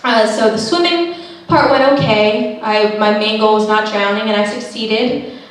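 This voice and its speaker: A young woman doing a stand-up comedy set, self-deprecating and jumping into lively voices for the people in her stories. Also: medium pitch, a little slow. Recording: roomy echo, heard from a distance.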